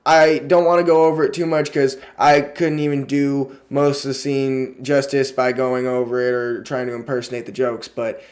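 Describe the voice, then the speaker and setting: A man giving a casual video review of a TV show, excitable, swearing freely and filling his talk with fillers. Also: mid-range voice, moderate pace, few pauses.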